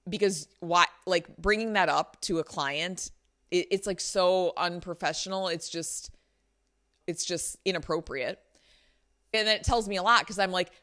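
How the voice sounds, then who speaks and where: A young woman vlogger telling a story in an animated, exasperated way, full of likes, recorded on a laptop's built-in mic. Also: fairly low pitch, normal speed. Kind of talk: storytime vlog.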